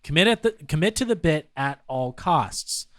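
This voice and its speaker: A man's voice: fairly high pitch, expressive, moderate pace, no room sound, studio quality. A man co-hosting a podcast, debating in a playful, joking way and acting out quoted reactions. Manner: playful, acts out quoted voices. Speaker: podcast co-host. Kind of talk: casual comedic debate.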